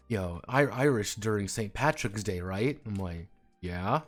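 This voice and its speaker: A man's voice: fairly low pitch, unhurried, soft background music. A man chatting casually on his stream, swearing freely and laughing hard while he tells stories. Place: home streaming setup.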